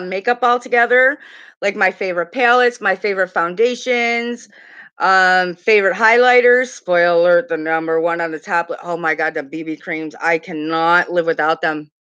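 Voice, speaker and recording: Middle-aged woman, makeup streamer, bright voice, casual rambling chatter. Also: mid-range voice, clean tone, muffled recording. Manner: chatty, rambling, laughs often, swears casually. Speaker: makeup livestream host. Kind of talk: casual livestream chat reading comments.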